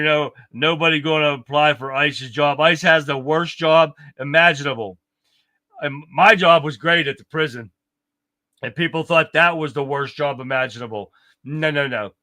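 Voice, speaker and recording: A man's voice: fairly high pitch, sharp tone, no echo. A man hosting a live political commentary stream, reading headlines aloud and reacting bluntly with plenty of profanity. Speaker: livestream host.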